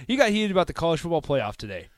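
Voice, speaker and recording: A man's voice: a little high, very animated, racing, no echo, studio quality. A man on a casual sports show giving short answers and laughing easily while being teased.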